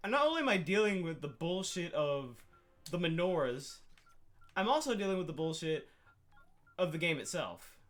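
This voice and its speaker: A man ranting through a casual gaming chat, his pitch sitting a touch high and swinging widely as he talks. He tells stories in a loose, profane way. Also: normal speed. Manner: animated, profane storytelling rant. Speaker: podcast co-host.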